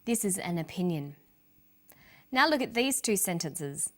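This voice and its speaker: Lady teacher walking thru english pronunciation, clear and careful, voice goes up and down a lot. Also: lowish voice, sing-song, fairly bright tone. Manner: clear, deliberate, stresses syllables for learners. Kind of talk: scripted teaching narration.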